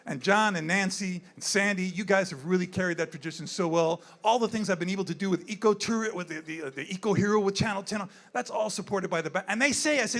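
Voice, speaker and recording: A man in his sixties who works with zoo animals talks fast, with hardly any pauses, in a high-pitched, fairly bright voice. He gives a rambling, candid gala speech on a handheld mic in an indoor event room, improvising and repeating himself.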